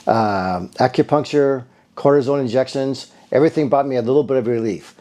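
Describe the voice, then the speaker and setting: Mellow-voiced middle-aged man rambling through a testimonial. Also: mid-range voice. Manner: rambling storyteller who acts out conversations. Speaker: bodywork therapist giving a patient testimonial. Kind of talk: casual spoken testimonial.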